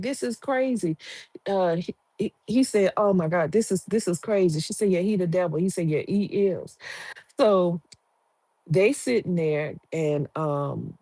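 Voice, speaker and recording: A woman's voice: deep voice, darkish tone, no echo. A woman giving a chatty, slangy recap of a TV drama episode, acting out the characters' lines. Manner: chatty, slangy, acts out quotes. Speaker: TV episode reviewer.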